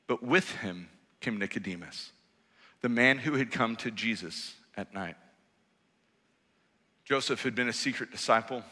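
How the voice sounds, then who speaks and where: A man preaching a sermon in a church, telling the story with lively, acted-out quotes. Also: medium pitch, in a large hall. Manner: animated storytelling, acts out quoted voices. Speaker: pastor. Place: church auditorium.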